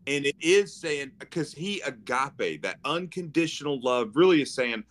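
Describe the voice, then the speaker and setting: A man co-hosting a casual faith podcast, speaking in a reflective, thoughtful, somewhat halting way. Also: on the high side, expressive, a bit bright. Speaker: podcast co-host.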